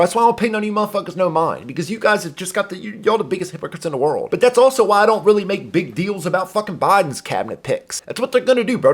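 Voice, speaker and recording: A man hosting a reaction commentary, ranting in a profane, exasperated way. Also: sits high. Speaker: commentary host. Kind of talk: heated reaction rant.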